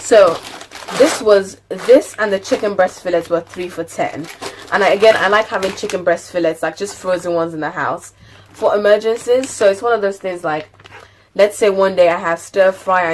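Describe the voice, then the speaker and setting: A woman's voice: on the low side, a little hiss or hum. A young woman vlogging at home, chatting through a grocery haul in a rambling, filler-heavy way. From United Kingdom. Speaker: lifestyle vlogger. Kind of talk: casual grocery haul chat.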